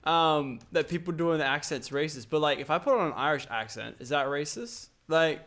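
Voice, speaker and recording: Lively young man yelping over voice chat. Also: normal speed. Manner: swings from loud yelps to low mutters. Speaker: gaming YouTuber, squad player. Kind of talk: casual gaming chat with friends.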